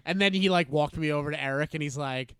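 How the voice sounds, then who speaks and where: A man with a voice pitched a bit high for a guy spins an anecdote as podcast host, full of "uh"s and restarts. The sound is dry and close, with no room around it. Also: fast, smooth, no echo. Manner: animated anecdote-telling with many fillers and restarts. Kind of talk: casual chat, storytelling.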